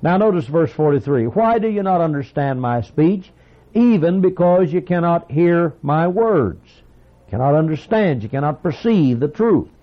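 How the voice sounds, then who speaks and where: Guy preaching a sermon, slightly high voice, emphatic and deliberate, dull old tape sound. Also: lively intonation. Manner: deliberate, emphatic, reads scripture aloud in King James wording. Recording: dull lo-fi recording.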